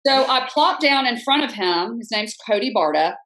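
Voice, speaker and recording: A woman's voice: fairly high pitch, normal speed, poor audio. A woman in her fifties, a podcast guest, telling a personal story frankly and acting out what people said. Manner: animated, acts out quoted speech, frank. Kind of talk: conversational storytelling.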